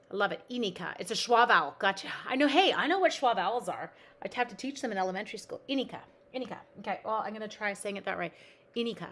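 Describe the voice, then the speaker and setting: A bubbly, excitable middle-aged woman from Canada talks through a live card-making demo in an everyday mid-range voice. She greets viewers by name and laughs at herself. A faint hum of room ambience sits behind her. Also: medium pitch. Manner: bubbly, chatty, excitable, self-joking. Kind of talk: live craft tutorial with chat greetings.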